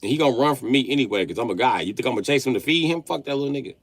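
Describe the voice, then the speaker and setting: Racing along in a mid-range voice with no room sound, a man in his late thirties delivers a comedic, profane storytelling rant on a livestream. He's animated and laughs mid-story.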